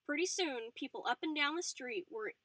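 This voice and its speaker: A woman narrating a novel aloud in an expressive way, with small slips and restarts. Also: sits high, moderate pace, no echo, poor audio. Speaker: audiobook reader. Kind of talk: storybook narration.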